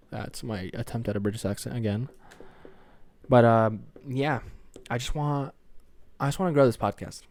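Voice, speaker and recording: A man's voice: medium pitch, steady tone, normal speed, pauses often, a little mellow. A tired young man hosting his own podcast, rambling in casual chat, swearing freely and apologizing for himself. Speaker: podcast host.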